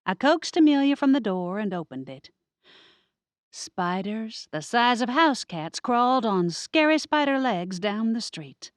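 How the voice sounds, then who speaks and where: Lively woman narrating an audiobook. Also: on the high side, measured pace, dry recording, clean studio sound. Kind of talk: scripted first-person audiobook narration.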